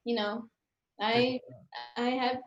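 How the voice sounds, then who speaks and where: A young woman telling stories as an interview guest, chatty and animated, with many fillers. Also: on the high side, slow pace, roomy sound, lo-fi sound, slight background noise. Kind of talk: casual interview storytelling.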